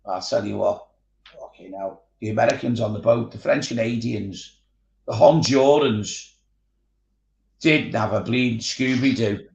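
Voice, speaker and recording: A man's voice: fairly low pitch, a little slow, vocal fry, darkish tone, echoey room, lo-fi sound. A man with a Scouse accent chatting casually while painting miniatures, rambling into stories and swearing freely. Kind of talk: casual chat.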